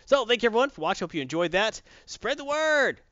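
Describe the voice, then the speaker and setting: A man casually reviewing a film on a podcast, animated and playful as he recaps scenes. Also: sits high, quick pace, no echo. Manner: animated, acts out scenes in funny voices. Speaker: podcast co-host. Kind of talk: casual movie review chat. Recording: dull lo-fi dry sound.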